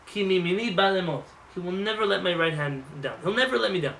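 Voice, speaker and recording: Male rabbi, fast animated sermon, raised pitch, roomy hall sound. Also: creaky, distant mic, a little hiss or hum. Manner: animated, acts out voices, jokes with the congregation. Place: synagogue. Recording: roomy hall with faint ambience.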